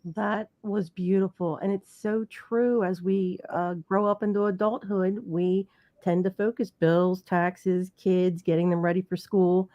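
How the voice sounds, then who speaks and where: A woman's voice: lowish voice, lo-fi sound. A woman hosting an interview, speaking casually and hesitantly, with frequent fillers. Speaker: interview host.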